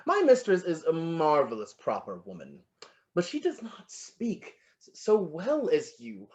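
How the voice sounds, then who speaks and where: An actor playing a flattering, lovestruck poet in an amateur online stage play, savoring each word and muttering to himself. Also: medium pitch, unhurried. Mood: wooing. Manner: florid, wooing, savoring words, muttering to himself. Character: lovestruck, flattering William Shakespeare, a playful poet.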